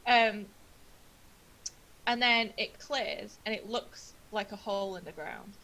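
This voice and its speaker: A woman's voice: medium pitch, fairly even intonation, slow pace, bright, forceful tone, a little hiss or hum, low-quality recording. A woman running a tabletop game as game master, narrating with frequent laughter and rambling asides. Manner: giggly, rambling.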